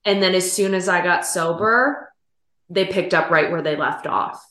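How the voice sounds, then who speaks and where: A woman host talks openly and casually, laughing easily and swearing now and then. Her voice sits low for a woman. The room around her rings with echo. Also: moderate pace, fairly bright tone. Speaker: podcast host. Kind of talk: casual podcast conversation.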